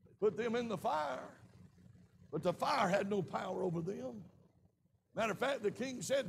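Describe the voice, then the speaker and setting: A man with a Southern American accent preaching a sermon in a church, with shouted peaks and frequent amens. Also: very high voice, normal speed, gravelly, slight background noise. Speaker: pastor. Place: church sanctuary.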